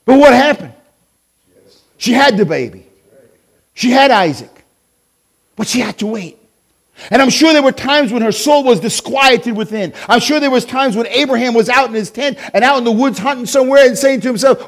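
A man preaching a sermon as pastor, impassioned, swinging from loud shouting to low, quiet intensity. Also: normal speed.

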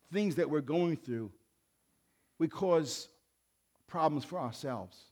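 A man in his sixties, a pastor, preaching with emphatic swells and soft conversational asides. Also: a little high. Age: 60s. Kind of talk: sermon.

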